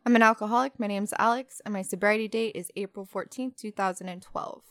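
A woman who is a podcast guest, reading the show's opening disclaimer in a brisk, scripted way. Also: medium pitch, a bit bright, dry recording.

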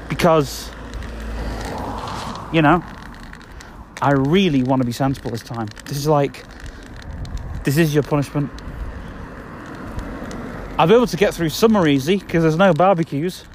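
A man in his 30s who hosts a podcast talks while walking around the block outdoors, his voice fairly high-pitched at a measured pace with frequent pauses. He's chatty and meandering, repeating himself, and there's slight background noise.

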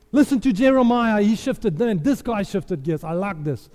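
A man's voice: high voice, animated, moderate pace, few pauses, darkish tone. A man preaching a sermon, emphatic and impassioned, repeating his phrases for effect. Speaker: pastor. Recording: long hall reverb.

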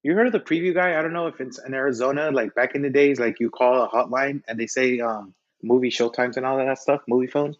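A man's voice: medium pitch, fast, hardly any pauses, no echo, muffled recording. Joking, foul-mouthed man on a podcast. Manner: joking, profane, rambling. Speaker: podcast guest. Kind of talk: casual chat.

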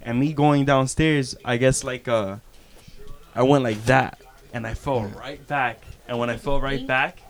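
A man's voice: mid-range voice, fairly even intonation, a little slow. A young man telling a story in casual chat, slangy and laid-back, often repeating his words.

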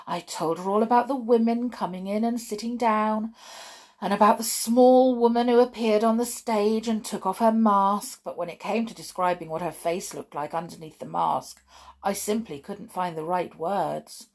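Woman reading a kids book aloud, gravelly voice, steady storytelling. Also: medium pitch, moderate pace.

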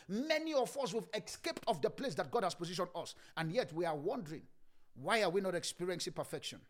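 A man's voice: high-pitched, animated, brisk. A middle-aged male pastor preaching a sermon emphatically, swelling and dropping his volume and repeating phrases.

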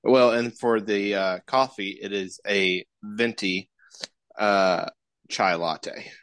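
A man co-hosting a casual chat over a video call, agreeable and chatty, quick to affirm. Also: fairly low pitch, fairly even intonation, a bit bright, clear, resonant tone, no room sound. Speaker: co-host.

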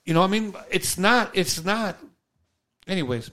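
A man's voice: sits high, expressive, normal speed, sharp tone. A man co-hosting a podcast in a casual, exasperated rant with mocking asides. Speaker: podcast co-host. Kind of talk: casual ranting chat.

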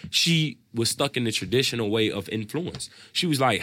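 A man, a rapper, telling his own stories in a loose, profane, animated way, often quoting what others said. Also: mid-range voice, moderate pace, no echo. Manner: animated, profane storytelling with quoted voices. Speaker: rapper and guest. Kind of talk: casual storytelling chat.

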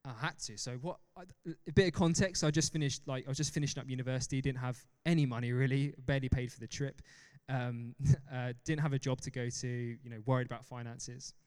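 A young man preaching a sermon with an animated, joking manner, often laughing at himself. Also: mid-range voice, fast talker, few pauses, clear, resonant tone. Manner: animated, laughs often, self-deprecating asides. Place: church hall. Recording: long reverb of a large hall.

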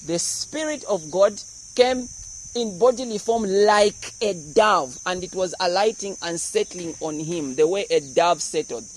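Pastor, high male voice, lively teaching sermon with jokes, faint background hum. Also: a little slow, poor audio. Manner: animated, explains verses with humor and acted-out voices.

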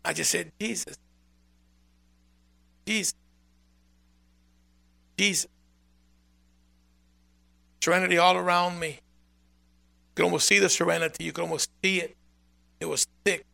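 Male pastor, sermon, gravelly voice, higher pitch, emphatic repetition, rising loud swells. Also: level tone, a little fast, pauses often.

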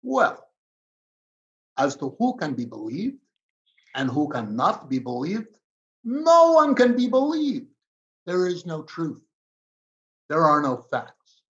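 A man's voice: a little high, sing-song, slow pace, pauses often, a bit bright, dull audio, exaggerated voice. A man putting on a Russian accent to voice a cold, dismissive male leader. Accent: Russian, put on. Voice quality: exaggerated put-on accent.

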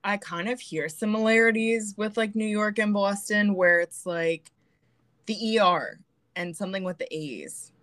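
A woman's voice: mid-range voice, moderate pace, fairly bright tone, no room sound, studio quality. A young woman co-hosting a casual podcast, bubbly and jokey, laughing often as she chats with her best friend. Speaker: podcast co-host. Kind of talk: casual chat.

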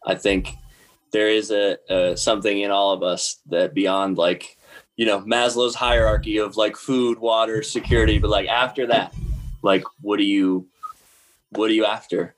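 A man talking as a podcast guest about creativity, thoughtful and hesitant with many pauses. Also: lowish voice, fairly even intonation, low-quality recording. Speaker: guest, filmmaker and musician. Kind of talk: casual interview chat.

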